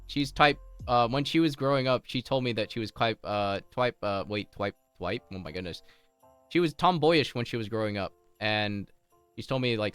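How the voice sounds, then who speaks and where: A man's voice: fairly low pitch, a bit bright, clear, resonant tone. A man streaming from home, chatting casually with his viewers, rambling through stories with lots of laughter and restarts.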